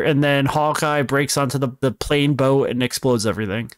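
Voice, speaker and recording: A man's voice: mid-range voice, steady tone, normal speed, smooth, no room sound, studio quality. A young man co-hosting a casual podcast, recapping a story at length in a rambling, self-correcting way. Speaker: podcast co-host explaining films.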